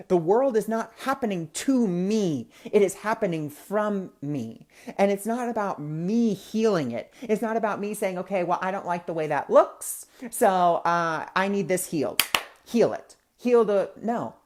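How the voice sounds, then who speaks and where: A man hosts a spiritual teaching talk, recorded on a webcam or phone for a livestream. He tells personal stories in an earnest, casual way, full of fillers and restarts. He slips into other voices when he quotes people. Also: a little high. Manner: loose filler-heavy phrasing. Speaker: host of a spiritual discussion show. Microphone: webcam or phone mic, livestream.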